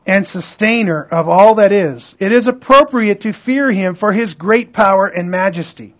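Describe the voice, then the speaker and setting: A man preaching a sermon with emphatic call-and-response, asking "Amen?" and often dropping to a hush for emphasis. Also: sits high, dull audio. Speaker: pastor.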